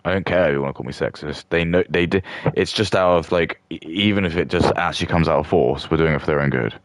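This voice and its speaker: Brief: man, extremely low, crackly voice, dry sound, crude rambling rant. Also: fast talker, no echo. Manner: rambling, crude, with many restarts and fillers. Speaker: streamer. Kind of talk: mock rant commentary.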